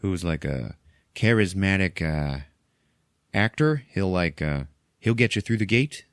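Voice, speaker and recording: Deep-voiced podcast host recapping a movie. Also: male voice, animated, unhurried, no room sound, studio quality. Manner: chatty, laughs often, swears casually, acts out quotes.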